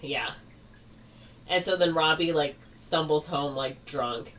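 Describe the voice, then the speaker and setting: Low-voiced and fairly bright, a woman takes a slow pace as she co-hosts a podcast and recaps a plot in rambling fashion. "Like" and "or whatever" crop up constantly, and the distant mic catches faint background noise.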